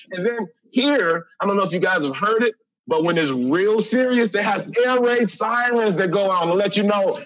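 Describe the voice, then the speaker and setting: Animated, laughing man from Chicago. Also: sits high, slightly rough, no room sound, lo-fi sound. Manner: animated, laughs often, acts out voices. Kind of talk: humorous personal storytelling.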